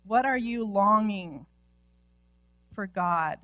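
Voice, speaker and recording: A woman pastor preaching a sermon with impassioned delivery, often dropping to a hushed near-whisper at the ends of phrases. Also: medium pitch, animated, slow pace, no room sound, phone-quality sound. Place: church sanctuary.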